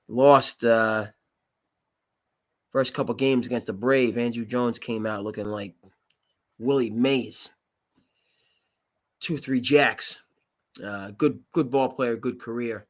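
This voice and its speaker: A man's voice: mid-range voice, slow pace, pauses often. A male sports show host talking casually in a middle-range voice. He rambles, restarts sentences and leans on fillers as he riffs on the games. It has the loose feel of a live broadcast. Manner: rambling, filler-heavy, animated.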